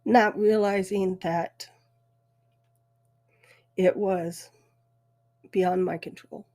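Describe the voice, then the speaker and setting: A middle-aged woman hosting a podcast, telling her own story in a halting, emotional way, her voice thick with tears. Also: medium pitch, fairly even intonation, mellow. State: weepy. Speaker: podcast host. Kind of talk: personal storytelling.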